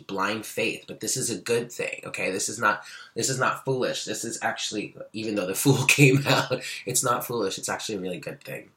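A man giving a daily tarot card reading, reading card texts aloud and breaking into excited asides. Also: on the low side. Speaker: tarot reader.

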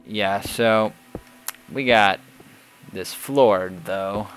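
A laid-back man gives gameplay commentary in a very low voice, taking his time over every sentence. His delivery stays dry and deadpan, with easy chuckles, while faint music plays underneath. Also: drawn-out words. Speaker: gaming channel host.

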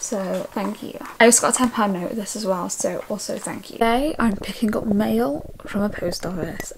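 A young woman vlogging as she opens her mail, gushing and excitable, with a lot of "oh my gosh". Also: medium pitch, gravelly, background noise. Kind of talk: casual mail-opening vlog.

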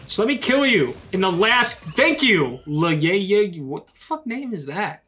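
A young man giving loud, excitable gameplay commentary, swearing and trash-talking his opponents. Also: high-pitched, unhurried, hardly any pauses, over music. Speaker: gaming YouTuber.

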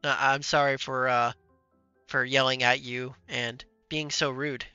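Bright-voiced playful gaming streamer man. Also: medium pitch, flat delivery, measured pace, smooth, no echo, dull audio, faint music behind. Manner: playful, laughs often while talking to game characters. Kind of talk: casual gameplay commentary.

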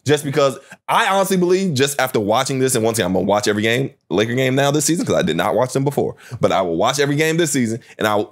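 A man on a basketball podcast talks earnestly and hopefully about his team. He speaks quickly at a middle pitch. It is relaxed, casual sports talk. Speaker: podcast co-host.

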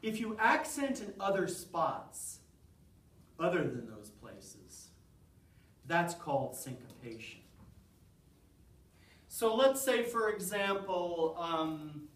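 A man's voice: a little high, sing-song, slow, pauses often, fairly bright tone, far from the mic. A man lecturing a college class on rhythm, counting beats aloud and quizzing his students. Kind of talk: classroom lecture with clapping exercises. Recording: roomy classroom sound from off-mic.

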